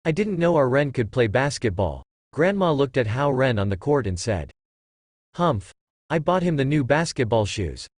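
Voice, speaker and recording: Guy narrating a novel audiobook, synthetic, even steady read, mid pitch, dry close sound. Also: dry recording.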